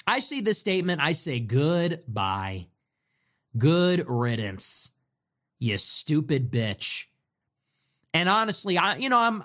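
A man's voice: a little high, bright, forceful tone. A man giving ranting political commentary, sarcastic, profane and mocking.

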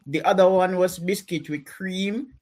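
A man chatting casually, listing small things in a meandering deadpan way. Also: sits high, a little slow, a little hiss or hum. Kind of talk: casual chat.

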